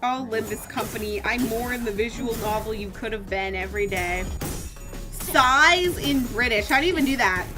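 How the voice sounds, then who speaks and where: A young woman streaming a game, chatting casually, reading the story text aloud and breaking into playful, excited outbursts. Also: medium pitch, quick pace, few pauses, over music. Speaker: gaming streamer.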